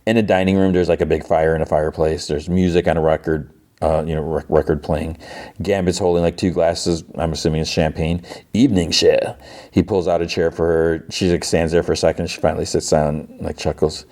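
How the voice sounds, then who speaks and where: A man's voice: extremely low pitch, level tone, fairly quick, mellow. A man hosting a podcast, casually recapping a TV episode in a chatty, filler-heavy way. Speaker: podcast host.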